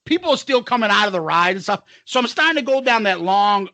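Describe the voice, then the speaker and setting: A man co-hosting a podcast, telling a story in casual chat, animated and profane, acting out the people in it. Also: high voice, quick pace, dry recording. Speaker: podcast co-host.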